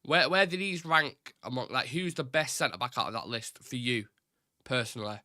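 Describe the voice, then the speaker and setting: A man hosting a fan live stream, talking in a loose, rambling way with firm opinions and casual swearing. His voice is bright and forward. The sound is dry and close to the mic, with no room around it. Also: mid-range voice, normal speed, dry recording. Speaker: host of a football fan show.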